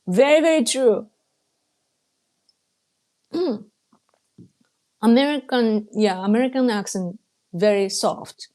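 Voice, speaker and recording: Slow-talking woman streamer. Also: on the high side, dark tone. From Japan. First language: Japanese. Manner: chatty, laughs often, clears throat a lot. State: dry throat. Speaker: livestreamer reading chat. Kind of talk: casual live-stream chat.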